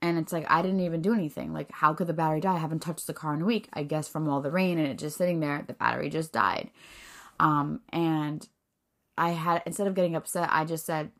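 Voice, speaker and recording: A woman's voice: sits low, steady tone, fast talker, a bit bright. A woman hosting a podcast, reflecting in a casual, faith-based way with many fillers and restarts. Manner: rambling, filler-heavy, earnest. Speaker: podcast host.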